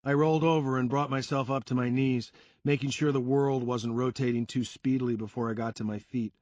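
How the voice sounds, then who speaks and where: A man reading a first-person crime story aloud in a steady storytelling delivery. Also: mid-range voice, brisk, no room sound, dull audio. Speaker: audiobook narrator. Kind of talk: first-person scripted narration.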